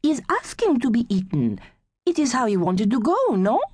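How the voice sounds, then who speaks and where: A woman's voice: fairly high pitch, huge pitch swings, normal speed, darkish tone, husky, no echo, voice pushed up, heavily acted. A woman voicing a matter-of-fact French-accented nanny in a children's audiobook, speaking in quaint broken phrasing. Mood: teasing. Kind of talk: audiobook character voice.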